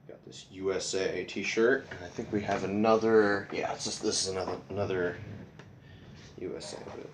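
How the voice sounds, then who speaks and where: A man's voice: low-pitched, steady tone, normal speed. A teenage boy vlogging in a casual, rambling, goofy way, his voice cracking now and then. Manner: rambling, goofy, self-deprecating. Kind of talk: casual rambling show-and-tell. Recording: echoey room, far from mic, faint hiss.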